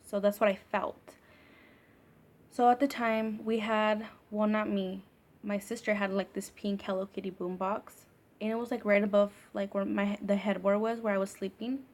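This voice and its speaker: A woman's voice: medium pitch, little pitch movement, normal speed. Casual, profane woman telling a storytime vlog. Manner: casual and profane, heavy use of filler "like". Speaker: vlogger.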